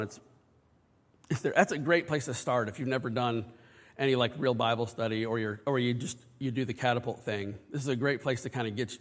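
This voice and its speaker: A man preaching a sermon in a church, talking in an earnest, conversational way with many restarts. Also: mid-range voice. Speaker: pastor. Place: church sanctuary. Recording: long reverb of a church hall.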